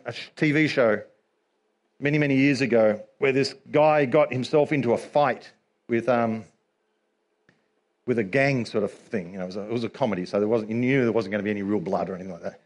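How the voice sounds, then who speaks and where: A man preaching a sermon in an animated way. He laughs often and acts out little scenes as he talks. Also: a little high.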